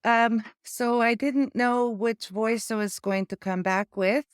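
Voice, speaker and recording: A woman with an Eastern European accent, talking in a casual vlog, halting and searching for words with small stutters, living with aphasia after a stroke. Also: fairly high pitch, fairly even intonation, clear, resonant tone, dry recording, clean studio sound. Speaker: memoir vlogger.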